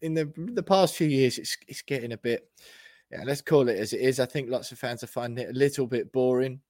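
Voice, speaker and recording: A man's voice: mid-range voice, a little fast, darkish tone, no echo. A man hosting a casual football podcast, chatty and upbeat as he leads the talk. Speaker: podcast host.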